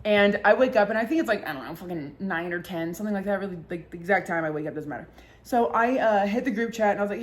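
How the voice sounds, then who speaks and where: A woman's voice: mid-range voice, fast talker. A young woman hosting a casual storytime vlog, rambling with lots of "like" and heavy swearing. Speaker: podcast vlogger.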